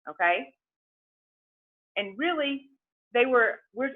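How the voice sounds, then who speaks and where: A woman teacher gives a conversational history lecture, speaking directly to her students and often repeating words. Her voice is medium-pitched and moderately paced. The recording sounds tinny, like a phone.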